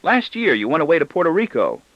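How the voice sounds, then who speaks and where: A man's voice: on the high side, sing-song, fast, no room sound, dull audio, voice pushed up. A man reading an audiobook, voicing an anxious, clingy young boy who asks small, pleading questions.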